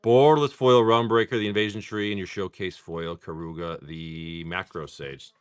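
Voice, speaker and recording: A man hosting a live stream, rambling casually, swearing freely, and reading off card names in quick lists. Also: low voice, fairly even intonation, smooth, dry recording. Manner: rambling, swears freely, laughs often at chat. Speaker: live-stream host opening card packs.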